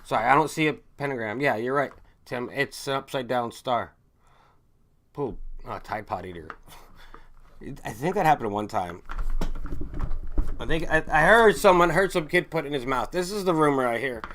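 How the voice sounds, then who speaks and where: A man's voice: medium pitch, expressive, moderate pace, long pauses, a bit bright. A man hosting a casual stream, rambling and swearing as he reads viewer chat and drifts between stories. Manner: rambling, profane, trails off and restarts mid-thought.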